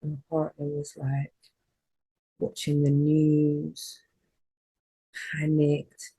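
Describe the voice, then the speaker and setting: Husky gravel-voiced woman. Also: deep voice, monotone, drawn-out words, warm tone, poor audio. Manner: rambling, heartfelt, with fillers. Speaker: spiritual reader and healer. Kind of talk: emotional personal storytelling vlog.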